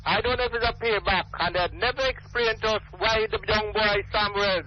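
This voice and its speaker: An older Jamaican man talks through a radio call-in line, his voice pitched high and his speech emphatic and rambling. He repeats himself as he presses his points. The line is muffled, with a faint hiss underneath. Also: steady tone, fairly quick. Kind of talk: impassioned call-in talk.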